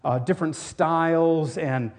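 A man's voice: a little high, a little slow, a little mellow. A man raised in Tennessee, preaching a sermon as pastor, earnest and rambling with many restarts. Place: church.

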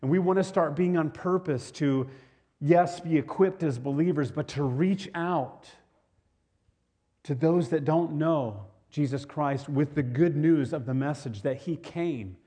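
A man's voice: fairly high pitch, unhurried, warm tone. Man preaching a conversational sermon. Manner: conversational, repeats words, asks the congregation questions. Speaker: pastor.

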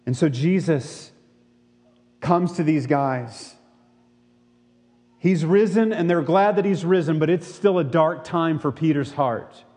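A man's voice: fairly high pitch, slow pace, pauses often, darkish tone. Man preaching in a reverberant hall. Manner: reads scripture, then preaches with rhetorical questions. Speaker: pastor. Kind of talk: sermon.

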